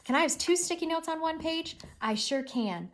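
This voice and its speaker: A woman teacher giving an expressive, encouraging read-aloud reading lesson with lots of emphasis. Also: extremely high pitch, normal speed.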